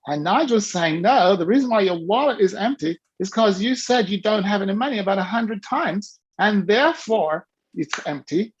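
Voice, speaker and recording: A man speaking on a video call, telling an animated story and acting out the quoted voices with sudden jumps in pitch. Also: normal speed, few pauses, husky, dry recording. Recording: dull lo-fi video call audio.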